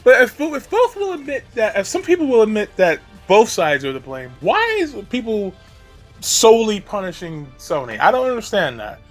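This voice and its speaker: A man's voice: sits high, wildly swooping pitch, moderate pace, soft background music. A man giving ranting video commentary, exasperated and profane, breaking into laughs between points.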